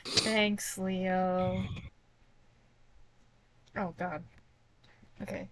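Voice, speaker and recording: A woman's voice: fairly low pitch, little pitch movement, very slow, dry recording. A woman playing a tabletop game, chatty and playful, often restarting her sentences. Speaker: player. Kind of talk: casual play at a tabletop game.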